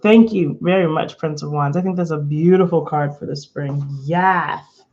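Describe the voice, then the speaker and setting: A woman's voice: sits low, moderate pace, dark tone. A woman doing a casual live tarot reading, chatty and giggly, rambling between the cards and her viewers. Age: adult, not under eighteen. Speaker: tarot reader. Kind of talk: casual live-stream chat. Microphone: webcam or phone, camera from below. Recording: slightly dull lo-fi stream audio.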